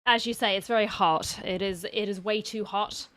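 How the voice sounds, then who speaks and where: Streaming from home, a woman with a mid-range, steady, slightly bright voice chats casually at a moderate pace and greets viewers by name. She's a little tired from the heat and poor sleep.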